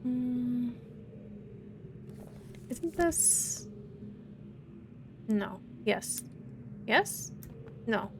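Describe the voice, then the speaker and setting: A woman's voice: on the high side, expressive, extremely slow, vocal fry, long pauses, background noise. A young woman streaming a puzzle game, muttering to herself as she works things out aloud. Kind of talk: casual live game commentary.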